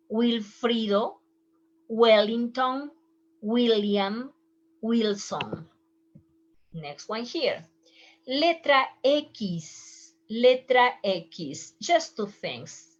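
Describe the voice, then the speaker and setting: Unhurried female teacher, native Spanish speaker, repeats each term; slightly lo-fi sound. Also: mid-range voice. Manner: slow, patient, repeats terms for pronunciation. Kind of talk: medical Spanish lesson.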